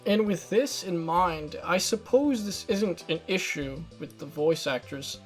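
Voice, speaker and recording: High-pitched young male video essayist, sarcastic scripted rant, soft music behind. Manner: exasperated, sarcastic. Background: faint background music.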